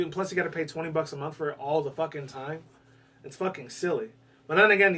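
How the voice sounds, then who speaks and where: A man with a US West Coast accent rambles through casual gaming commentary, swearing often and breaking into excited bursts. His pitch is fairly high, and he's recorded from a distance.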